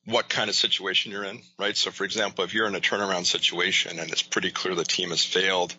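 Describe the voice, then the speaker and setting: A man's voice: sits low, flat delivery, fast talker, pushed and bright, highs cut off. A male guest in an interview, explaining his ideas thoughtfully with lots of "you know" and "right?". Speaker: guest, leadership author and coach. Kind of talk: casual interview talk.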